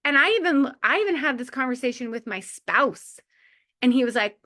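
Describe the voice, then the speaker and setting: Speaking to a group of mothers, this woman in her forties delivers a heartfelt pep talk in a high, expressive voice that's bright and forceful, at a moderate pace. Her style is chatty, full of "like" and frequent small laughs.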